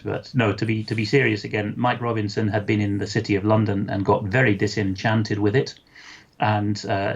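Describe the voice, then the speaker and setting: Gravelly, husky low-voiced man. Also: highs cut off. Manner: articulate, measured, hesitant with fillers. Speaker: interview guest. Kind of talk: conversational interview.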